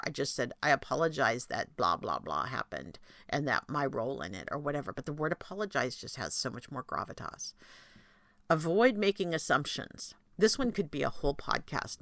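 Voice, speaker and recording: A middle-aged woman talks through her podcast in a candid, chatty way, poking fun at herself as she goes. Her voice is bright and forward. The recording is dry and close, with no room sound. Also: sits low, no room sound. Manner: chatty and candid, self-deprecating asides. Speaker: podcast host. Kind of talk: casual monologue.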